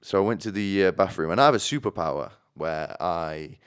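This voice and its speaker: Young Sheffield guy, light Yorkshire lilt, low and smooth; dry self-mocking comic monologue. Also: animated, brisk. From Sheffield, England. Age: young adult. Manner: wry, self-mocking storytelling with asides to viewers. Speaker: podcast host.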